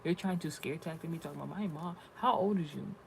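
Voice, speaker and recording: Gravelly, foul-mouthed man ranting. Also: fairly high pitch, fast, a little hiss or hum, poor audio. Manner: blunt, cursing, rambling storytelling. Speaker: spiritual reading vlogger. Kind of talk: profane casual rant vlog.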